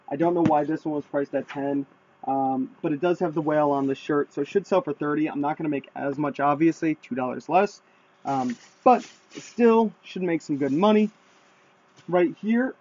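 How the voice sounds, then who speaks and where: Man, excited reseller vlog chat, slightly high voice, dull lo-fi recording, room at home. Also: moderate pace. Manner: chatty, excited, talks to viewers as guys. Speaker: thrift reseller showing his haul. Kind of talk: casual haul video. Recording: dull lo-fi sound.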